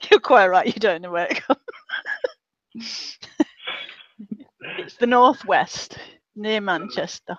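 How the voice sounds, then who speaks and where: A man with an English accent chatting casually as a co-host, wry and quick to laugh. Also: high-pitched, a bit bright, dull audio. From England. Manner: wry, laughs often, swears. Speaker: podcast co-host. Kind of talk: casual online chat.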